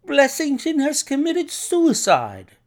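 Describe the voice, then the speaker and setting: A man reading a story aloud, voicing a distraught male doctor who speaks high and agitated. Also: wildly swooping pitch, slow pace, exaggerated voice. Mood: frantic. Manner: high, breathless, agitated pleading.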